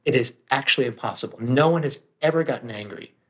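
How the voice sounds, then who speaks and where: A man's voice: medium pitch, quick pace. A middle-aged man, a guest author and meditation teacher, talking emphatically and plainly in casual conversation, sometimes swearing for emphasis.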